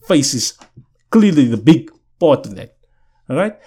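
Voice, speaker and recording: A man's voice: sits high, lively intonation, normal speed, vocal fry, mellow. Chatty young man telling a story. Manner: chatty, keeps saying "you know what I'm saying". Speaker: podcast host. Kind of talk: casual storytelling. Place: indoors, seated.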